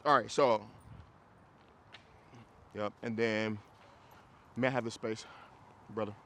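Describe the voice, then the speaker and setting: Guy coaching a dog class outside, chill talk then loud high "good boy" praise, bit of traffic hum behind. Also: steady tone, takes it slowly. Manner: casual, explains with repeated checks like "you get what I'm saying". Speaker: dog trainer. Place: outdoors in a city.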